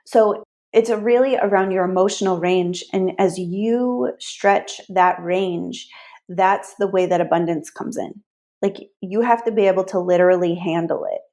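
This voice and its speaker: A woman's voice: on the low side, moderate pace, mellow. A woman money mindset coach, a podcast guest, who explains her ideas earnestly and often says "like". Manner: earnest explaining, many "like" fillers.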